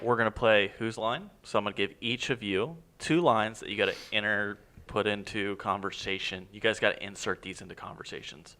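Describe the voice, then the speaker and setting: A man's voice: fairly low pitch, brisk, few pauses, pushed and bright. A man hosting an improv comedy podcast, announcing games in an upbeat, easygoing way. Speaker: game host.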